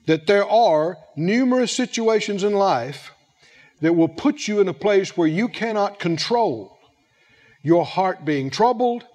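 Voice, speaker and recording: Male preacher, high voice, sweeping pitch, slow emphatic delivery, questions to the crowd. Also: a little mellow. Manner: emphatic, drawn-out phrasing with questions to the audience; plays out little acted dialogues. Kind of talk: sermon to a responding congregation.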